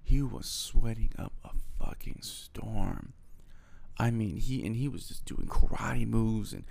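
Gravelly young man telling a rambling story. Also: on the low side, unhurried. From Houston, Texas. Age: young adult. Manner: rambling, profane, animated retelling with quoted dialogue. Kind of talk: casual storytelling monologue.

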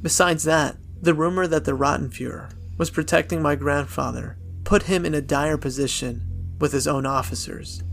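A man narrating a dark family story in a measured, somber storytelling manner. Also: a little high, vocal fry. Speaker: narrator, podcast host.

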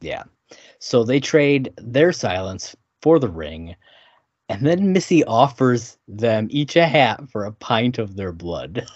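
A man's voice: medium pitch, sing-song, slow pace, dry recording, highs cut off. A man co-hosting a podcast, chatting casually and joking about a TV show. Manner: laid-back, laughs often, joking. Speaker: podcast co-host. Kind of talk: casual chat recapping a TV show.

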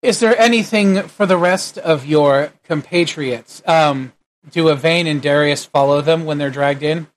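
A man narrating a tabletop game as game master, relaxed, with frequent hesitant fillers. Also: fairly high pitch, measured pace.

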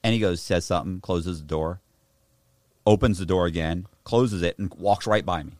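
A young man telling a story in a casual chat, animated and slangy, swearing often. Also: sits low, normal speed, no echo, studio quality.

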